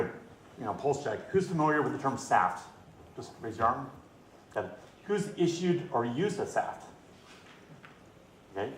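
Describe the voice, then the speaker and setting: A man's voice: medium pitch, fairly bright tone, slight background noise. A male lawyer giving a conversational conference presentation, telling anecdotes and polling the audience. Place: conference hall. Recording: echoey hall with faint ambience.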